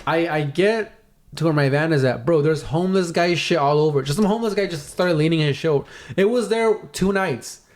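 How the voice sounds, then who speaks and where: A young man co-hosting a podcast, telling a long, animated story full of swearing and acted-out voices. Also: a little high, fairly quick. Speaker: podcast co-host. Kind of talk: casual storytelling.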